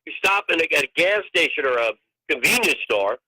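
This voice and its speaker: An older man, a touring comedian and guest, calls in by phone to tell profane stories from the road in a ranting, casual way. His voice is a little high, very animated, fairly quick and sharp, with a husky edge, and the line sounds tinny.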